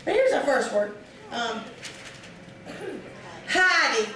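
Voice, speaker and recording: A woman's voice: high-pitched, expressive, moderate pace, sharp tone. Middle-aged Texan woman ranting on stage. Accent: Texas. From Texas. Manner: incredulous, ranting, laughing delivery. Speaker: stand-up comedian. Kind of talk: stand-up comedy routine. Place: large room with a live audience. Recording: echoey room, distant mic, audience noise.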